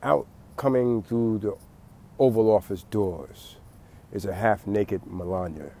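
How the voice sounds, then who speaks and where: A man's voice: lowish voice, slow pace, dark tone. A man giving a late-night rambling monologue, repeating words and laughing at his own jokes.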